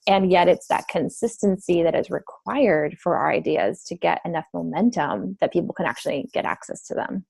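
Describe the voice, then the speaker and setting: A woman hosts a podcast in a reflective, unhurried way, her thoughts unspooling in long sentences that trail off nearly to a whisper. Her voice sits low with a gravelly edge. The sound is dry and close, with no room around it. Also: animated, a little mellow, no echo. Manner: thoughtful, long flowing sentences, drops to near whisper at times. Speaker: podcast host. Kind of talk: reflective conversational interview.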